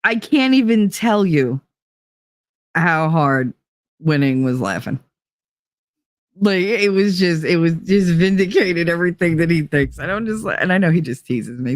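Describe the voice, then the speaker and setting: A woman's voice: lowish voice, a little slow, no echo, clean studio sound. Brash, swearing New woman. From New Jersey. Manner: blunt, profane storytelling with animated impressions. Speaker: podcast host. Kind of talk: casual chat.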